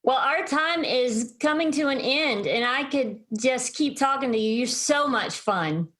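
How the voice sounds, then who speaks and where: A woman's voice: high-pitched, expressive, unhurried, a bit bright. A woman hosting a podcast, asking her guest questions and affirming her answers. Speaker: podcast host. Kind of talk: interviewing a guest.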